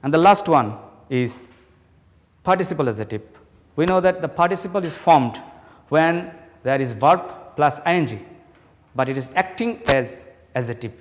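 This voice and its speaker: A male teacher giving a slow classroom lesson, explaining and repeating each point. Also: a little high, lively intonation, big-room sound, a little hiss or hum.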